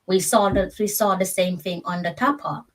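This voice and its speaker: A woman co-hosting a casual sports chat, making her case in a measured, argumentative way. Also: medium pitch, distant mic. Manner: measured, argumentative, explains her point at length. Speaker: co-host.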